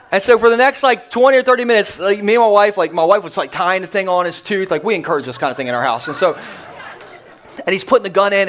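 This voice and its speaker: A male pastor preaching to a church congregation in a joking, energetic manner with quick asides. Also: sits high. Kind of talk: humorous sermon. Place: church sanctuary before a congregation.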